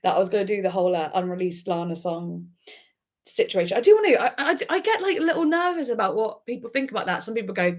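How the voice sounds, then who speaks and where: A woman's voice: mid-range voice, lively intonation, fast. A woman hosting a casual live chat with viewers, talking in a chatty, giggly way with lots of fillers and restarts. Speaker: livestream host reacting to music.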